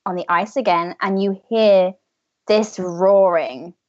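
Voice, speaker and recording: A woman's voice: medium pitch, fairly even intonation, slow, darkish tone, no echo, muffled recording. A woman narrating a tabletop game as game master, telling the story vividly and without hurry.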